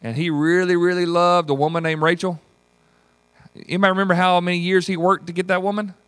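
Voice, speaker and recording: A man, leading a Bible study as pastor in a folksy, animated teaching style and acting out voices. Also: high-pitched, fairly quick, smooth, no room sound. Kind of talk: teaching sermon with group discussion.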